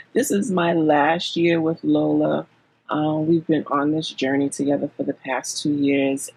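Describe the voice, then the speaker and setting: A woman introducing her mentee from home, halting and pausing with frequent ums. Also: low voice, darkish tone, husky, poor audio. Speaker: writing mentor. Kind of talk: spoken introduction.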